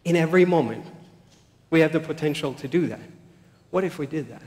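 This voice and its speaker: A man with a fairly high voice gives a talk on stage in a large hall. He tells animated stories and acts out the quoted lines. His voice rings with a long, roomy reverb. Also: a little fast. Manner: animated, anecdotal, acts out quotes, soft-spoken at key points. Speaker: speaker giving a talk. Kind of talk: storytelling public talk.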